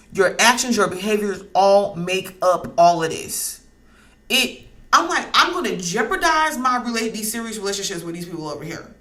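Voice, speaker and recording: A woman's voice: fairly high pitch, a bit bright. A woman reading astrology in a casual talk, blunt and heated, swearing freely and repeating herself for emphasis. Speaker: astrology and tarot reader.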